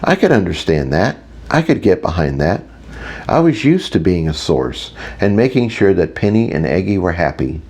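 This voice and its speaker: A man with a very low, deep voice narrates a first-person audiobook. His delivery is wry and self-mocking, like someone talking through his own thoughts. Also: big pitch swings, moderate pace, darkish tone, husky.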